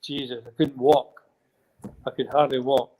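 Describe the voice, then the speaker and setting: A man's voice: medium pitch, flat delivery, measured pace, dark tone, poor audio. An older man with a Scottish accent, a former footballer telling rambling anecdotes as a guest, breaking into chuckles now and then. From Scotland. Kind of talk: casual storytelling.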